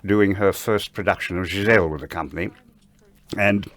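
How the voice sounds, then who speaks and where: A man's voice: low-pitched, normal speed. An older man from the ballet world, telling backstage stories in an interview and acting out the dialogue as he goes. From Australia. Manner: animated raconteur who acts out quoted dialogue. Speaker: interview guest, ballet veteran. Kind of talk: anecdotal interview storytelling.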